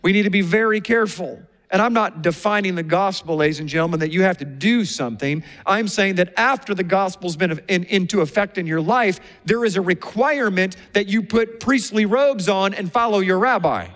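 A man preaching a sermon, telling stories in a lively way and acting out the people he quotes. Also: sits high, fairly quick, few pauses. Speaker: pastor. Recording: long hall reverb.

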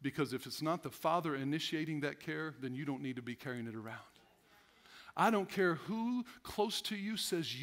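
A male pastor preaching a sermon, animated, laughing often and acting out the voices of stressed people. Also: on the high side, normal speed. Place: church sanctuary.

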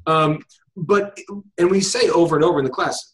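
His voice is a little high and his pace moderate, captured in a low-quality video call recording. A hypnosis teacher appearing as an interview guest, he talks casually, thinking aloud with many fillers and restarts.

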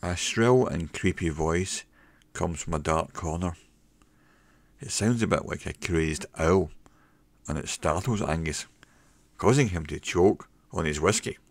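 Man, deep voice, measured storytelling, dry close recording. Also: no echo. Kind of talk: scripted story narration.

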